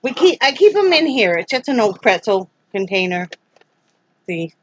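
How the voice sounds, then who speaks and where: A woman's voice: medium pitch, sing-song, moderate pace, lo-fi sound. A woman chatting casually to her viewers from home in a rambling, homey way. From Iowa. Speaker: vlogger. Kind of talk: casual chat to camera.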